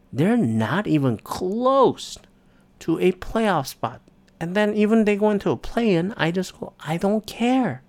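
A man hosting a solo sports podcast, ranting in frustration with heavy swearing and sudden loud outbursts. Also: fairly high pitch. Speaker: podcast host.

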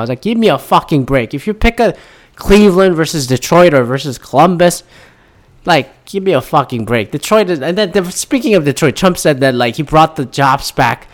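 A man's voice: a little high, expressive, a little fast. A man in a casual, rambling monologue, profane and sarcastic, a little tired as he winds down from caffeine. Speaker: vlogger.

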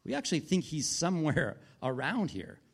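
A man's voice: on the high side, big pitch swings, moderate pace, gravelly, breathy edge. Conversational man preaching a sermon. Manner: conversational storytelling with frequent restarts. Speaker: pastor.

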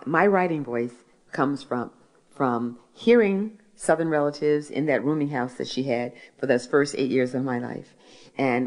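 A woman from Philadelphia, an author who tells stories in a gentle way and reads from her book. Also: very deep voice. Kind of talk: talk with a reading from her book.

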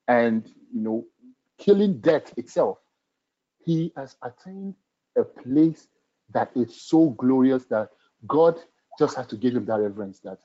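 A man delivers a sermon in a warm, husky voice, reading scripture and driving home each point with emphatic repetition. The recording is dull and lo-fi. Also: mid-range voice. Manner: emphatic, repeats phrases for stress. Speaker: preacher.

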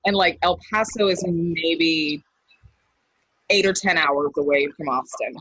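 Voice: medium pitch, a little slow, sharp tone, slightly rough, no echo, low-quality recording. A guest from Texas telling stories in casual chat, easygoing, with lots of "like".

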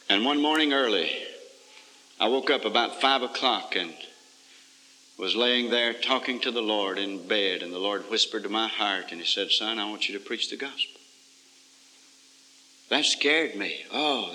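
A man's voice: medium pitch, sharp tone. A man preaching a revival sermon with a rhythmic, repetitive cadence, recorded in a large church hall in 1982.

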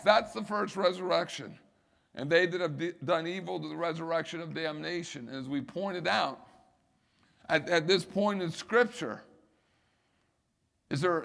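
A middle-aged man preaching a sermon in a high, gravelly voice. He swells and repeats key phrases for emphasis, the way a pastor drives a point home from the pulpit. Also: fairly bright tone.

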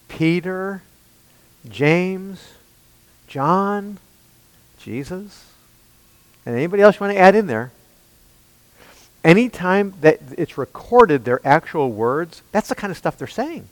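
A man preaching a sermon in an emphatic way, asking his listeners rhetorical questions and swinging between loud and hushed passages. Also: high voice, expressive, slow, long pauses, no room sound, rough recording.

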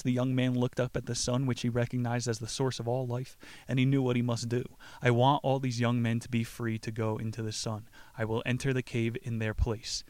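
A man's voice: mid-range voice, darkish tone, dry recording. Profane, joking male podcast host. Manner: profane, joking, laughs often. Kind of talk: casual book-summary talk.

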